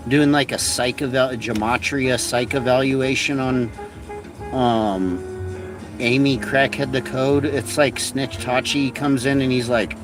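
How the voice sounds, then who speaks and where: A man's voice: medium pitch, fairly even intonation, slow. A man hosting a livestream, delivering a rambling, profane, mocking satirical rant. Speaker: livestream host. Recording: distant from mic, faint music.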